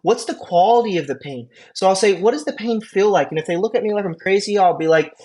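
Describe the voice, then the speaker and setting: A young man lecturing an EMT class, animated and conversational, often checking in with the students. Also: sits high, fast talker, hardly any pauses. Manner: animated, asks the class rhetorical questions and checks in with okay. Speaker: EMT instructor.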